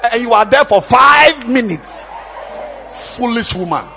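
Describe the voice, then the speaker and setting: A man, a bishop, preaching a sermon, shouting lines and leading the congregation in repeated call-and-response chants between quieter asides. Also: very high-pitched, animated, measured pace, gravelly, big-room sound.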